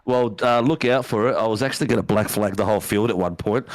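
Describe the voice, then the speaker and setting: Joking man, low voice, dry mic. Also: fast talker, no echo. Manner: joking, teasing, lots of fillers. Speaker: sim racing broadcast host. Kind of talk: casual banter on a stream.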